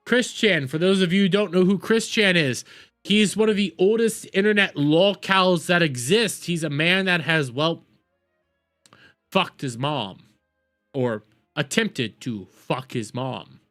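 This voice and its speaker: A man's voice: on the high side, unhurried, a bit bright, faint music behind. A young man casually reacting to clips on a stream, crude and swearing, repeating his words as he goes.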